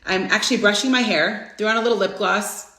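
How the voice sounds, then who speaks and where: Lady in her 40s doing a live stream, gushes over viewers, mid pitch, echoey room. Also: brisk. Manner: effusive, greets viewers by name with bursts of excitement. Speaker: host of a live inspirational stream. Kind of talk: casual live-stream chat. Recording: roomy echo.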